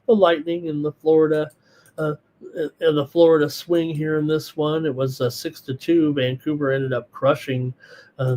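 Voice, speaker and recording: A middle-aged man hosting a live sports betting show, rambling through picks and viewer chat with lots of fillers and restarts. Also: medium pitch. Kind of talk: live solo betting analysis, reading chat.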